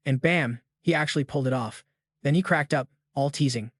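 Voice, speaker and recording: A man's voice: mid-range voice, brisk, no room sound, studio quality. A man narrating a comic recap in a casual, slang-heavy way.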